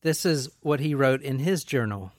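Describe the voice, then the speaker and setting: A woman's voice: rumbling low, moderate pace, a little mellow, no room sound, studio quality. A woman hosting a casual true crime podcast, blunt and jokey, often laughing as she walks through the case.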